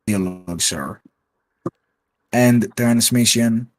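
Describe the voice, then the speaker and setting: A man's voice: mid-range voice, slow, dry recording, natural voice. A man voicing a formal male headquarters radio officer who answers curtly. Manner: formal, curt radio replies.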